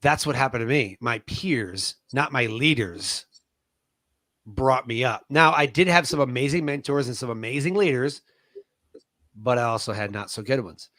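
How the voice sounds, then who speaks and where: A man's voice: medium pitch, normal speed, no echo. A middle-aged man, a military veteran, telling personal stories in an interview, acting out the voices of the people in his anecdotes. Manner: animated storyteller who acts out the voices in his anecdotes. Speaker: veteran guest.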